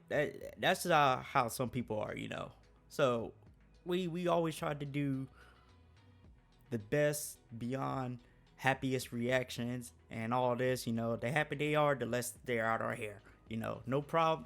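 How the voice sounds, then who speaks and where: A man's voice: medium pitch, unhurried, gravelly, a bit bright, faint music behind. Laid-back man telling a story. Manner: slangy, laid-back, laughs often. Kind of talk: casual storytime vlog.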